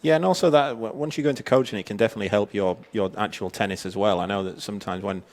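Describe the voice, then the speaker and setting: Fast-talking male tennis co-commentator. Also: fairly low pitch. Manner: quick, chatty, with frequent restarts. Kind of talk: sports commentary analysis.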